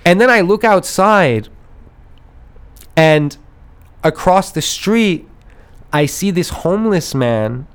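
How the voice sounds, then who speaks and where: This podcast host has a smooth, high voice, speaks slowly, and pauses often. His storytelling is casual and rambling, and he animatedly performs other people's voices, laughing frequently.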